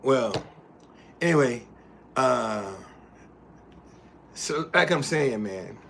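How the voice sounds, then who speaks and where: A man's voice: medium pitch, animated, very slow, gravelly, a bit bright, slight background noise. Heated man scolding a chat. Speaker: livestream host. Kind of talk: casual livestream talk.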